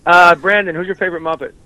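A man, a comedian, chatting on a podcast over a call, riffing fast and swearing freely. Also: high voice, pushed and bright, no echo, poor audio. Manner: profane, riffing, jumps into impressions. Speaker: comedian guest. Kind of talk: casual podcast chat.

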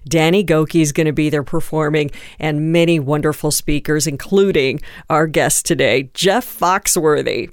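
A woman's voice: low-pitched, steady tone, moderate pace, hardly any pauses, dry recording, clean studio sound. A woman hosting a radio interview, upbeat and gushing as she introduces her guest. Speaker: radio host. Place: radio studio.

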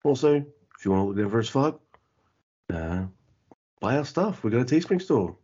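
A man's voice: mid-range voice, very animated, moderate pace, mellow, husky, lo-fi sound. A man hosting a casual podcast, joking and laid-back as he runs through plugs and news. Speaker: podcast host.

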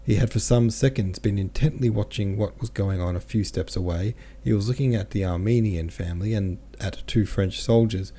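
A man narrating a classic novel as an audiobook reader, in a measured, steady manner. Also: fairly low pitch.

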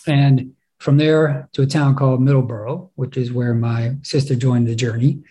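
A man telling a personal story on stage in a reflective, halting way, often restarting his sentences. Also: medium pitch, fairly even intonation, dark tone. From England.

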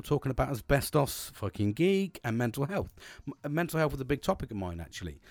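A man's voice: mid-range voice, darkish tone, no echo. Swearing British man, rambling monologue. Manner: rambling, swears constantly, earnest. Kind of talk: casual monologue.

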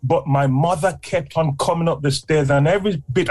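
Animated man in his sixties telling a story. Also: a little fast. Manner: animated storyteller, voice leaps high when acting out voices. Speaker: guest sharing testimony. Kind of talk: emotional faith testimony.

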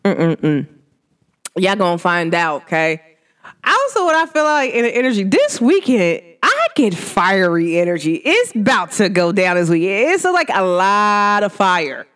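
Chatty energy reader, casual spoken reading, mid-pitched voice, very lively intonation, hums between thoughts. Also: a little slow, smooth. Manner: chatty and animated, addresses listeners directly; swoops high with laughter.

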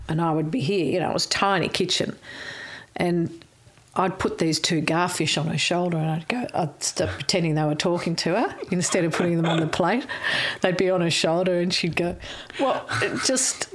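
Rambling middle-aged woman. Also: fairly low pitch. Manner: rambling storyteller, laughs often. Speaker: former chef. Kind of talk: casual reminiscing chat.

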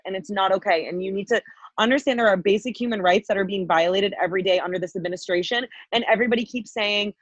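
A woman's voice: mid-range voice, dry recording, lo-fi sound. A woman co-hosting a podcast, ranting heatedly with constant swearing and filler likes. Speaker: podcast co-host. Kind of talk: angry political rant.

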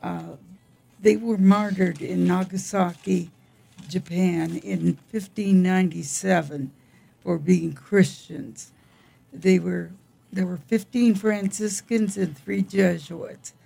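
Slow, gravelly older woman. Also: fairly low pitch, fairly even intonation, warm tone. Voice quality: gravelly, frequent throat clearing. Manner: unhurried, wry, halting reading. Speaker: co-host. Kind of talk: casual chat about weekly feast days.

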